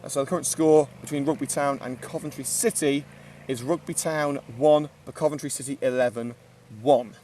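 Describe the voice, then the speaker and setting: A man's voice: medium pitch, steady tone, moderate pace, mellow, far from the mic, slight background noise. A man giving casual live commentary at an outdoor football ground, chatty and joking with lots of filler "uh"s. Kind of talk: live amateur match commentary.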